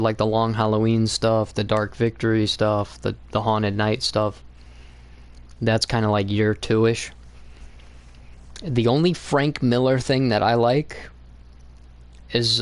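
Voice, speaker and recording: A man's voice: fairly low pitch, steady tone, unhurried, clean tone, no room sound. A young man hosting a comics channel, talking in a blunt, rambling, profane way about what he likes and hates. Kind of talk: casual opinionated monologue.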